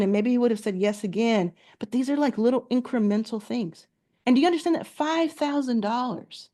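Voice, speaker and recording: A woman's voice: medium pitch, darkish tone. Candid storytelling woman, lots of fillers. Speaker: founder and investor giving advice. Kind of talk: candid motivational talk.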